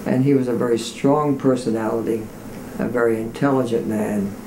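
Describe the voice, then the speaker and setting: Gravelly man in an echoey room. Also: mid-range voice, steady tone, moderate pace, noisy background. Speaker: interviewee. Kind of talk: recounting history in an interview.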